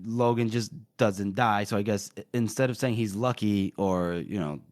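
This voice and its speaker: A man's voice: fairly low pitch, normal speed, darkish tone, no room sound, clean studio sound. A man co-hosting a podcast, casually recapping a book with laughter and quoted lines. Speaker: podcast co-host.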